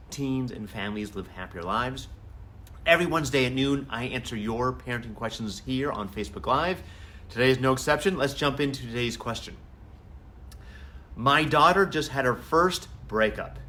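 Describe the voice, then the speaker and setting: Animated man giving family advice. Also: mid-range voice, slight background noise. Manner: conversational and animated, acts out quotes. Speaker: family therapist hosting a weekly live Q&A. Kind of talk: live-stream advice talk.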